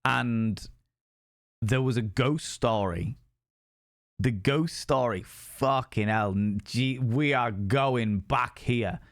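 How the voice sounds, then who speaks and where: A man's voice: mid-range voice, takes it slowly, no echo, clean studio sound. A man telling a ghost story on a live stream, sweary and rambling.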